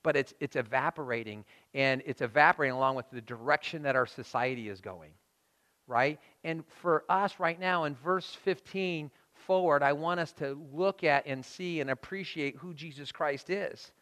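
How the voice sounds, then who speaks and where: A man preaching a sermon to his congregation in a lively, conversational way, often asking them "right?". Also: on the high side, moderate pace. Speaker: pastor.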